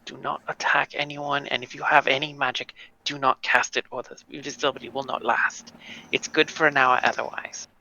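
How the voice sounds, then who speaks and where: A player voicing a hushed, cunning adventurer. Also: mid-range voice, little pitch movement, fairly quick, muffled recording. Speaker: player character.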